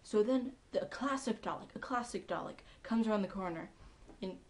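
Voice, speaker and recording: A woman giving a casual, excitable recap of a TV episode, chatty and full of ums and likes. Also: medium pitch, a little fast, a little hiss or hum. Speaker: TV episode reviewer.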